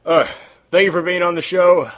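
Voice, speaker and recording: A man's voice: high voice, steady tone, normal speed, noisy background. A man hosting a casual podcast, worn out with a sore voice, rambling and searching for words. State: tired, sore voice. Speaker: podcast host. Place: hot room without air conditioning.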